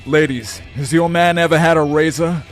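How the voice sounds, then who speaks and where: A man voicing an over-the-top male TV commercial announcer, loud and punchy with stumbles. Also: on the high side, normal speed, faint music behind, close to an everyday voice. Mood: salesy.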